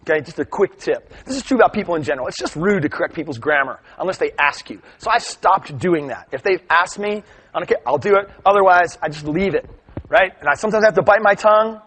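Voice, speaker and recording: A middle-aged man giving a live teaching talk, lively and chatty, often checking in with "right?". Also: high voice, quick pace, breathy edge. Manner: animated storytelling, asks "right?" often. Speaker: workshop presenter.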